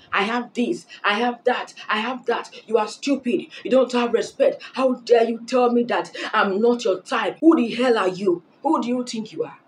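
A woman's voice: a little high, slight background noise, pitched above the performer's own voice, close to an everyday voice. A woman acting out an indignant, ranting man. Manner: shouting, indignant, boastful. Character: insulted angry man boasting, male adult.

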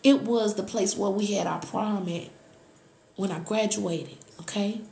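A woman doing a live tarot reading, excitable, gasping and thanking viewers as she goes. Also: medium pitch, measured pace, gravelly. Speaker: tarot reader. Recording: echoey room.

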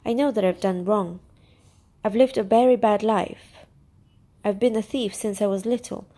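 A woman voicing a nervous, tearful young woman thief in a storybook reading, talking in quick, pleading bursts. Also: mid-range voice, mellow, close to an everyday voice.

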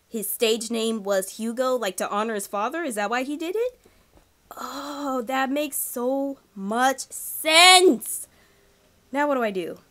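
Excitable high-voiced woman gaming. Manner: excitable, talks to game characters, swings to hushed whispers. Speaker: gaming channel host. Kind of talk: playing a horror game with commentary.

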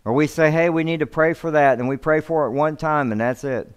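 Smooth-voiced pastor preaching, stumbling restarts. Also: male voice, on the high side, fairly quick. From United States. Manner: repeats words often when starting a thought, reads scripture aloud. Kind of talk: sermon.

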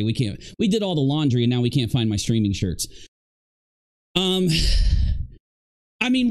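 A man live streaming commentary, lively and emphatic, who repeats himself for stress. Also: on the high side.

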